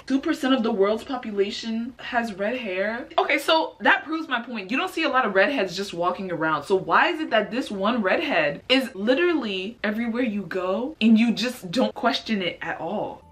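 Female reaction host, fairly high and animated, rambling and incredulous. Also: moderate pace, hardly any pauses. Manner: exasperated, rambling, incredulous questions. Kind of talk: casual commentary.

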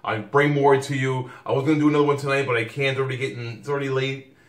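A man's voice: medium pitch, fairly even intonation, very fast, roomy sound, distant mic. A man hosting a reaction video, talking loosely and profanely and laughing a lot. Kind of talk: casual reaction commentary.

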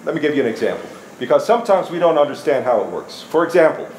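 A man giving a live seminar talk to an audience, playful and animated, teaching through examples. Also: a little high, fast talker. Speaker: family seminar co-presenter. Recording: echoey hall with faint room noise.

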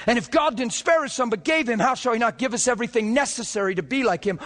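A man preaching a sermon, fervent and earnest, often breaking into laughter as he gets excited. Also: extremely high pitch, quick pace, big-room sound.

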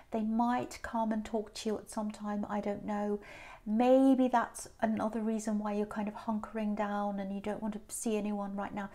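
A woman's voice: fairly high pitch, mellow. A woman giving a tarot reading who muses aloud, repeats phrases and often restarts. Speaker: tarot reader.

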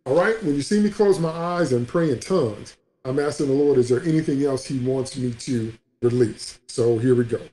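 A man's voice: mid-range voice, normal speed, hardly any pauses, warm tone, reverberant. A man preaching a sermon as a pastor, emphatic and repetitive, in a livestream broadcast.

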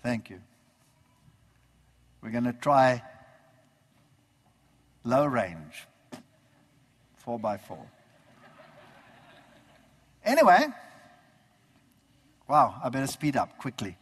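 A man telling his conversion story as a sermon, animated and acting out the dialogue he remembers. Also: mid-range voice, extremely slow, pauses often, husky. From Germany. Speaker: preacher giving his testimony. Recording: long reverb of a large hall.

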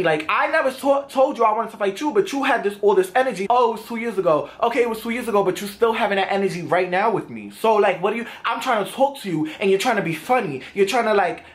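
A young man vlogging, animatedly retelling a confrontation in casual slang, acting out what was said. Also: sits high. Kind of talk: storytime vlog.

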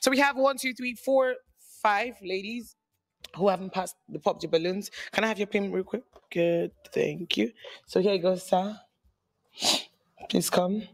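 A woman with a Nigerian accent hosting a dating game show, brisk and teasing as she directs contestants. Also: medium pitch, no echo.

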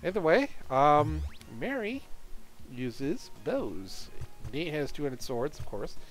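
Lively, rambling game commentator man. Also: a little high, takes it slowly, faint music behind. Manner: rambling, chuckling. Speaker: let's play host.

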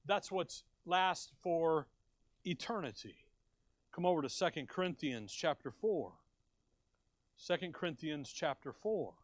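A man's voice: on the high side, lively intonation, unhurried, no room sound. A man preaching a sermon from the pulpit, talking conversationally and rising to emphatic bursts. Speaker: pastor. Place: church sanctuary.

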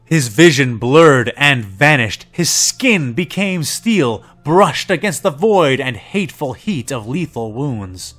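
A man reading a fan story aloud in steady, even narration. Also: mid-range voice, slow, hardly any pauses. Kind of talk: audiobook-style story reading.

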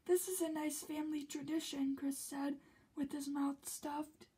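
A woman reads a children's story aloud in a high, light voice. She takes her time, unhurried and gentle. Much of the narration falls to a soft whisper. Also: flat delivery, rough recording. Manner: slow and soft, often drops to a whisper. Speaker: reader of a children's book.

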